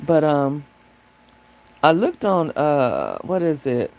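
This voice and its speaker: Woman livestream host, mellow tone, chatty and rambling, talking to her chat through a phone. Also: low-pitched, wildly swooping pitch, takes it slowly. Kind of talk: casual livestream chat with viewers.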